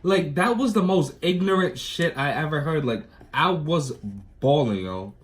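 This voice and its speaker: A young man with a New York accent in a casual chat, telling stories in an animated way and swearing a lot. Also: a little high, unhurried. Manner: animated storytelling, swears often. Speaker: co-host.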